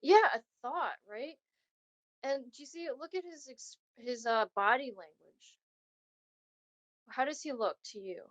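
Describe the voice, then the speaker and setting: A woman with a somewhat high voice leads a remote art lesson. She reads lines from a picture book and then asks students encouraging questions about the drawings. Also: expressive, unhurried, pauses often, rough recording. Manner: encouraging, questioning students, reading text aloud. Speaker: arts teaching artist. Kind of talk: remote class demonstration, reading a picture book aloud. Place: video call lesson.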